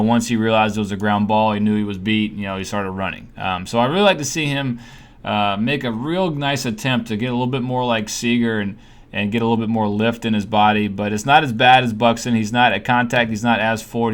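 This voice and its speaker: A young man coaching hitting in a casual voice-over, talking through a swing breakdown with lots of fillers and restarts. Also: on the low side. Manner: conversational, many fillers and restarts.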